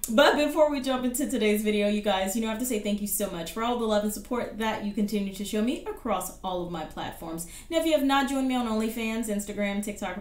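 A woman's voice: mid-range voice, roomy sound. A woman hosting a reaction video, chatting casually to camera, exclaiming often and laughing a lot. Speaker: reaction channel host.

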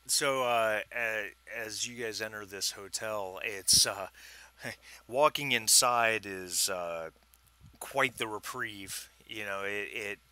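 A man running a tabletop game as game master, narrating in a halting way with many fillers and restarts. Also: on the low side, bright, forceful tone, clean tone, dry recording. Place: home, at a computer.

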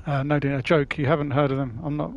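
Streaming a game from London, England, a man with a Cockney accent chats casually and matily with viewers, cursing freely. He speaks at normal speed in a level, darkish tone, with a voice a little on the high side, and the audio sounds dull.

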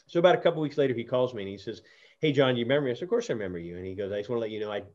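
A man's voice: fairly low pitch, very fast, a little mellow, lo-fi sound. A man hosting an interview, telling a long personal story in a casual, earnest way with frequent restarts and fillers. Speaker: podcast host.

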